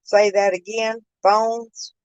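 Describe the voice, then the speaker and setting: In a smooth, medium-pitched voice with little pitch movement, a woman takes it slowly as she chats casually with live stream viewers, laughing often and calling them by name. She records on a phone, with no echo and the highs cut off.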